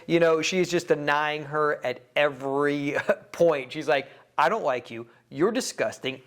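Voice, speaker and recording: An enthusiastic man talks through a film in a casual review, rambling from point to point and laughing now and then. His voice sits a little higher than most men's. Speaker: movie reviewer.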